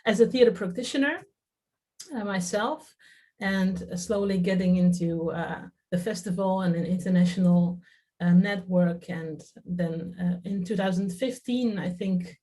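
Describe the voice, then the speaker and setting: A woman's voice: on the low side, measured pace, warm tone. Hesitant Dutch-raised woman in interview. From Netherlands. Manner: hesitant, many fillers and restarts. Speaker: festival artistic director. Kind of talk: interview, reflective talk.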